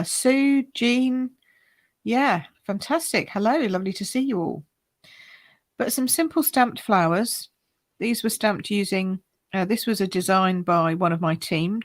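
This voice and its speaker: A woman's voice: lowish voice, no echo. Cheerful chatty woman craft teacher. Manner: cheerful, chatty, greets viewers by name. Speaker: card-making instructor hosting a live stream. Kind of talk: chatty live-stream craft demonstration.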